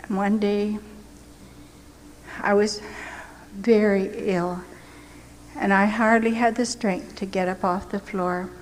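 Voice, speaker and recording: A woman's voice: medium pitch, fairly even intonation, slow, long pauses. An older woman from the United States giving a heartfelt personal testimony as a missionary, earnest and sometimes sinking to a near-whisper. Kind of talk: emotional personal storytelling. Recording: long hall reverb, faint background hiss.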